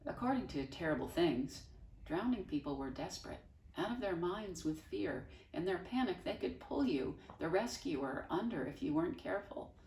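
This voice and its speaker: A woman teacher reading a children's novel aloud, expressive with wry, dry asides. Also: fairly low pitch, moderate pace, gravelly. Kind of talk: storybook read-aloud. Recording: echoey room, voice from far off.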